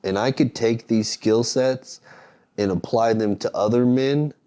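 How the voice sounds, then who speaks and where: A man's voice: medium pitch, unhurried, dark tone. A man speaking as a podcast guest, talking bluntly and profanely in a rambling, motivational way. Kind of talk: casual podcast conversation.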